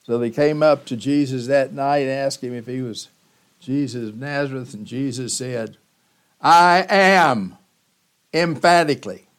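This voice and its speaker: A man preaching a sermon as pastor, teaching slowly and emphatically with dramatic pauses. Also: mid-range voice, steady tone, a little mellow.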